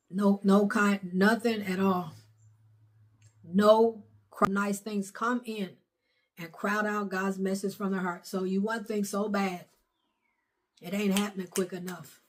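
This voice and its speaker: A middle-aged woman, preaching a sermon in a fervent, repetitive way. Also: mid-range voice. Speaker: prophetess preaching.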